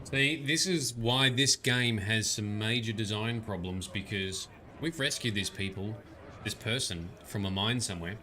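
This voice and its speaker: A man's voice: fairly low pitch, unhurried, sharp tone. A man giving casual gaming-stream commentary, chatting to viewers, swearing and laughing often. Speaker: livestreamer.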